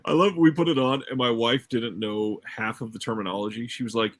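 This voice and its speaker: A man's voice: mid-range voice, quick pace, few pauses. A man hosting a casual film chat, talking loosely with frequent restarts and easy laughs. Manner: chatty, laughs easily, restarts. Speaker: podcast host.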